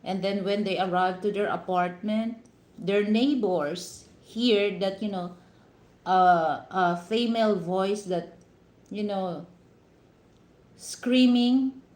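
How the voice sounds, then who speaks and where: Filipino woman, vlogger, slow unhurried talk, advice full of you-knows, echoey room. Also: mid-range voice, darkish tone. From Philippines. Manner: advising, heavy "you know" fillers. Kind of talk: casual live-stream talk to viewers.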